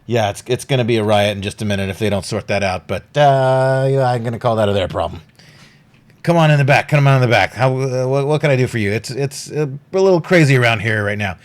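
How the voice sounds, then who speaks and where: A man voicing a boisterous, foul-mouthed male city watch captain in a tabletop game, loud and hearty, talking in a rush. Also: mid-range voice, expressive, natural voice. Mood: exasperated. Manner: loud, swearing, hearty, rushed. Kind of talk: tabletop role-play improvisation.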